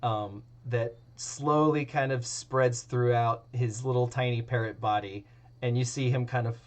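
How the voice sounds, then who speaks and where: A man's voice: medium pitch, steady tone, a little slow. A man narrating as game master of a tabletop game, rambling with many fillers.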